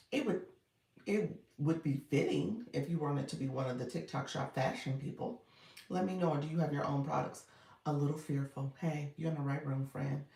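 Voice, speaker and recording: Chatty woman coach with gravelly voice. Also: low voice, a little mellow. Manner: chatty and encouraging, laughs often, calls viewers "friend". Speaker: live-streaming coach. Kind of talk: casual livestream chat, greeting viewers and reading comments. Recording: echoey room, voice a bit far from the mic.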